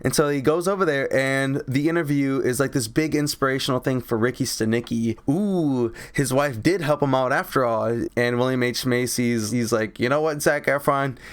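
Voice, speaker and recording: A young man reviewing a comedy film in a loose, rambling way, heavy on fillers and swearing. His voice sits at an ordinary middle pitch for a man. The tone is offhand and conversational. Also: moderate pace, few pauses, clean tone. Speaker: movie reviewer. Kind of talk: casual movie review.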